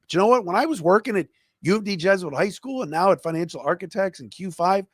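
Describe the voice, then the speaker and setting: An enthusiastic man hosts a sports podcast with the ease of an old radio hand. His pitch sits a touch high and swoops all over. The sound is dry and close. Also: fast talker, dry recording. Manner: enthusiastic, animated storytelling. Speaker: podcast host; former radio broadcaster.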